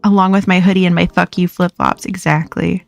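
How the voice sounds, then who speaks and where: A woman's voice: on the low side, flat delivery, a little fast, creaky, no echo, soft background music. A young woman hosting a livestream, chatting casually and rambling with frequent laughs while she plays. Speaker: livestream host. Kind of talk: casual chat while gaming.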